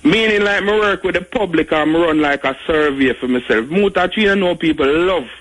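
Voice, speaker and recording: A man's voice: a little high, fairly quick, fairly bright tone, poor audio. A Jamaican man calling a radio show by phone, rambling in casual chat and often saying "you know.". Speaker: radio caller. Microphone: phone call.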